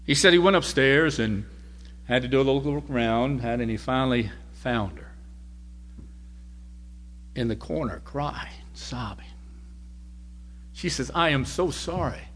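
Male preacher, mid-pitched, folksy storytelling sermon, swings between loud and hushed. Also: measured pace, pauses often, a little hiss or hum. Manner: conversational, varies loudness from loud to near-whisper.

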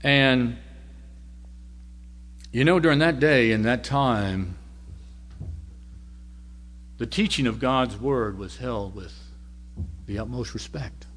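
Storytelling preacher, loud to hushed. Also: male voice, medium pitch, slow pace, pauses often. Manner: conversational, varies loudness from loud to near-whisper. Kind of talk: sermon with storytelling.

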